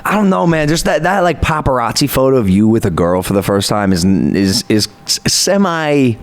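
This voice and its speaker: A man's voice: mid-range voice, big pitch swings, normal speed. A man in his late twenties, a podcast guest telling loose, laughing stories in casual chat. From United States. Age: 20s. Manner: loose storytelling, swearing, laughing often.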